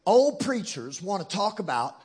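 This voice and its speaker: A man preaching a sermon as a guest preacher in a church, moving from hushed, low passages to loud shouted climaxes with touches of humor. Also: very animated, moderate pace, slightly rough. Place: church in front of a congregation.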